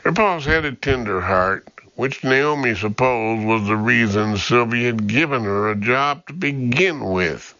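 A man reading a novel aloud as audiobook narrator in slow, even storytelling. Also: medium pitch, no echo. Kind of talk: scripted narration. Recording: dull dry lo-fi audio.

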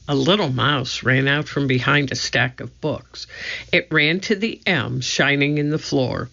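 Measured children's audiobook narrator, bright tone, muffled lo-fi recording. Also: mid-range voice. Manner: slow, measured and gravelly.

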